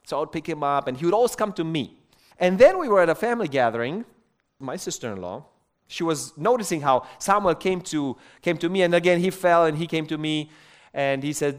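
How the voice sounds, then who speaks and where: A middle-aged man preaching a sermon, telling stories in an emphatic, animated way. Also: on the high side, fairly quick.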